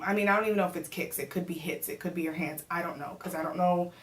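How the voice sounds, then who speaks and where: A young woman chats straight to her camera, walking through a story with plenty of "like" and "um." Her voice sits slightly low for a woman. The small room around her gives it a noticeable echo. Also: normal speed, few pauses. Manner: chatty, animated storytelling with many fillers. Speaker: vlogger. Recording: echoey room.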